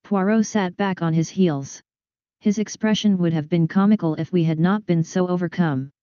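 Woman audiobook narrator, lowish mellow voice, measured delivery, dull dry lo-fi sound. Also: dry recording. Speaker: audiobook reader. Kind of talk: scripted narration of a detective story.

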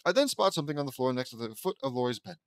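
A man's voice: medium pitch, very animated, racing, no echo. Brief: male reader, fan fiction audiobook, trips on words, cracks asides, dry close sound. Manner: stumbles over words and adds joking asides. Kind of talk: reading fan fiction aloud with side remarks.

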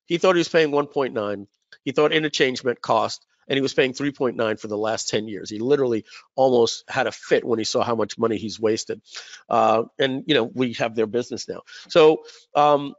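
Male webinar host, mid-pitched voice, loose rambling delivery full of "uh"s, dry and slightly lo-fi call audio. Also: no room sound. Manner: rambling, many fillers and repeats. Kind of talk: casual sales storytelling. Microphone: webinar call mic.

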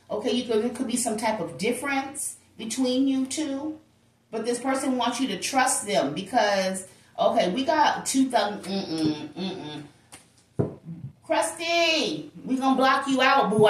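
Chatty woman reading tarot, distant and echoey. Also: fairly high pitch. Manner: chatty, emphatic, talks straight to viewers. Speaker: tarot reader. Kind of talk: casual tarot reading to camera. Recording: roomy echo, distant from the mic.

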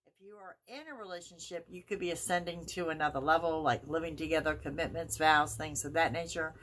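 A woman's voice: low voice, steady tone, crowd noise. A woman giving a weekly tarot reading as host, talking the viewer through each card in a reassuring, emphatic way. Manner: reassuring, emphatic, drawn-out phrasing. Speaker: tarot reader.

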